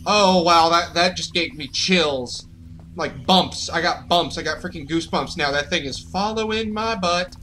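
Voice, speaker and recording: A man's voice: fairly high pitch, a little slow, bright, forceful tone, soft background music. A man hosting a horror game playthrough, talking nervously to his viewers in frightened, jittery bursts. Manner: jittery, panicky, talks to viewers. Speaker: gaming channel host. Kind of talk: horror let's play commentary.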